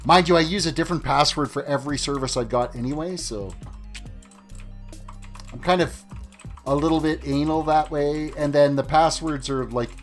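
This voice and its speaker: Rambling male streamer, a bit high-voiced, casual live chat over faint music. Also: moderate pace. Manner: rambling, chatty, talks to chat while playing. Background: faint music and keyboard typing.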